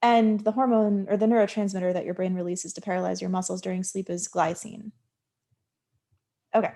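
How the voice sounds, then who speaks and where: A woman with a mid-range voice gives a university lecture on psychology. She explains in a relaxed, conversational manner, dotting her talk with ums and likes. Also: mid-range voice, a little fast.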